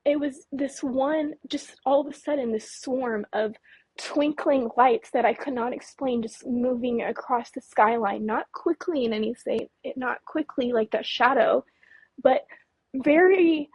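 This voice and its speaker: A woman in her late twenties from California, a guest recounting a frightening experience in a halting, shaky voice, stumbling over words and apologizing. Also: on the high side, steady tone, a little mellow, slightly rough, no room sound, poor audio. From California, Mojave Desert. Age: late 20s. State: nervous, voice trembling. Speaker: guest, UFO researcher.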